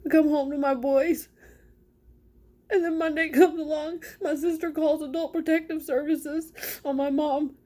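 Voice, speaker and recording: A mother recounts her own experience in a fast, emphatic, indignant way. Her woman's voice sits a little high and presses every point with frustration. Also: fairly even intonation, mellow. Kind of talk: personal account to camera.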